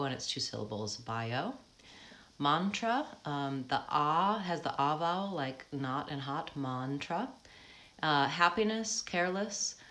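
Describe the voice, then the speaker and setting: A woman's voice: low-pitched, fairly bright tone. A woman coaching English pronunciation in a live lesson, explaining patiently step by step with frequent ums.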